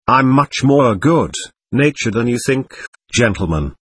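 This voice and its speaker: A man's voice: medium pitch, lively intonation, takes it slowly, a bit bright, slightly rough, exaggerated voice. A man voicing a proud, defiant accused man. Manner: bitter, proud and scornful. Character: proud, defiant young man under questioning. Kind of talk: audiobook character reading.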